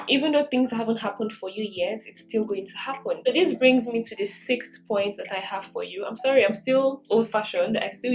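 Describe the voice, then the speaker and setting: A woman's voice: mid-range voice, poor audio. A young woman in her twenties vlogging while doing her makeup, giving earnest, encouraging self-improvement advice and laughing often. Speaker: lifestyle vlogger. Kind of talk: casual get-ready-with-me advice vlog. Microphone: camera mic while doing makeup.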